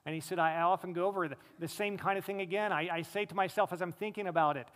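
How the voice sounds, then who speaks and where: Male pastor, high voice, emphatic sermon delivery, long hall reverb. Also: steady tone, fast, hardly any pauses. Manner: emphatic preaching, swings between loud rises and low, quiet stresses.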